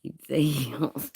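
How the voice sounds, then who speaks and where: A woman's voice: low voice, vocal fry, mellow, slightly rough. A woman chatting casually on a live stream, showing off jewelry, teasing her viewers and laughing with folksy slang.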